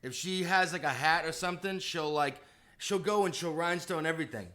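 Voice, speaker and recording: A man's voice: on the high side, brisk, sharp tone. A man co-hosting a podcast, bantering and joking in a loose, easy way. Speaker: podcast co-host. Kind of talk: casual podcast chat.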